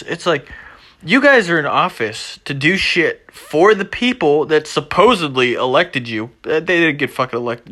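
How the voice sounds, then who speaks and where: A young podcast host delivers an unscripted rant on his own show, swearing constantly. His voice swings between low mumbling and loud, agitated outbursts.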